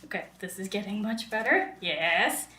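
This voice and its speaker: A woman's voice: mid-range voice, animated, moderate pace, bright, forceful tone, distant mic, a little hiss or hum. A woman casually chatting while cooking on a live stream, playful and sing-song, often meowing to herself. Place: home kitchen. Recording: echoey room, voice from afar.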